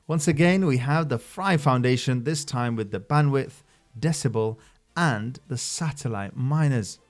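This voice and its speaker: An upbeat man narrates a screen-share explainer for his own channel. He keeps the pitch mid-range for a man, but his voice swings between bursts of excitement and quieter asides. His delivery is energetic and salesy. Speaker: channel host reviewing mining projects.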